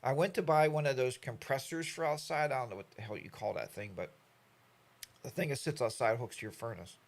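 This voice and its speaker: A man's voice: mid-range voice, fairly quick. A middle-aged man from the United States hosting a casual live stream, rambling and chatty as he reads out viewer comments.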